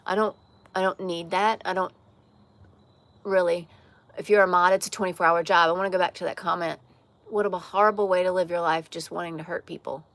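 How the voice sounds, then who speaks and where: A woman with a slight Southern accent and a lowish voice hosts a casual livestream chat outdoors on a porch. She speaks frankly and answers viewer comments, often stopping to restart a sentence. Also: fairly even intonation, fairly quick, a bit bright, no echo. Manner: candid, frank, with frequent restarts and trailing phrases. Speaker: livestream host.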